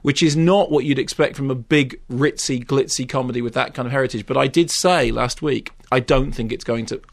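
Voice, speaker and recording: A man reviewing films on a radio chat show, opinionated and given to exasperated rants that climb in pitch. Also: fairly quick, vocal fry. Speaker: film critic.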